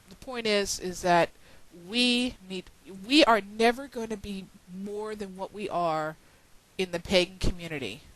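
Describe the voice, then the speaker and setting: A woman's voice: medium pitch, fairly bright tone, no room sound, poor audio. Exasperated woman ranting to a webcam. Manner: exasperated, swearing, sarcastic. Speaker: video blogger. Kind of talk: frustrated webcam rant.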